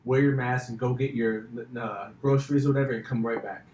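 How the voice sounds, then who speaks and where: A man's voice: medium pitch, steady tone, brisk, darkish tone, slight background noise. A man hosting a podcast, telling a story in casual chat, full of "like" fillers. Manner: storytelling, filler-heavy, says like a lot. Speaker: podcast host. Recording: roomy echo.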